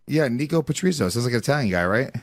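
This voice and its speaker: A man's voice: mid-range voice, lively intonation, quick pace, dry recording, studio quality. A man co-hosting a casual podcast who reads out listener questions and trades crude, joking banter. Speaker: podcast co-host.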